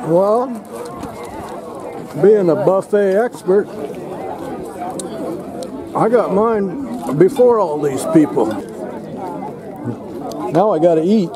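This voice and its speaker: A man's voice: high-pitched, slow, long pauses. Joking older man filming an outdoor potluck. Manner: joking, teasing friends. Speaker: vlogger. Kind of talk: casual vlog chat. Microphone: handheld video camera. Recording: noisy outdoor camera audio with crowd. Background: crowd chatter.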